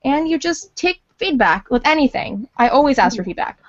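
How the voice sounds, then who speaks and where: Woman voice actor, fairly high voice, dull dry lo-fi call audio, rambling and excitable. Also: moderate pace, no room sound. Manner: excitable, rambling, repeats words for emphasis. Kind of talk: casual podcast chat.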